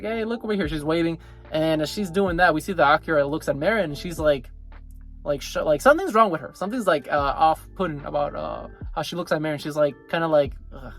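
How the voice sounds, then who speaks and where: Rambling man with a slightly high voice. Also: gravelly. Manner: rambling, filler-heavy, animated retelling. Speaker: anime reviewer. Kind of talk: casual episode recap.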